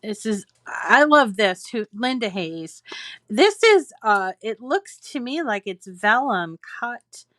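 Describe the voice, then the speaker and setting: A woman's voice: medium pitch, expressive, slow pace, few pauses, bright, forceful tone, no echo. A woman hosting a crafting channel, chatting casually and gushing as she reads holiday cards from viewers aloud at home. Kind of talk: casual chat reading viewer mail.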